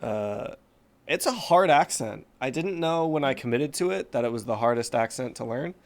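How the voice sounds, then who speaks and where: A man co-hosting a podcast in casual chat, relaxed and teasing, laughing often. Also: medium pitch, normal speed. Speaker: podcast co-host.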